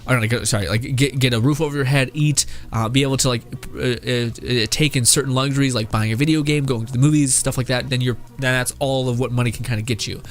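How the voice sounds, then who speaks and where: A man's voice: mid-range voice, fairly even intonation, fast talker, hardly any pauses. A young man casually reacting to memes, laughing often and swearing while he rambles.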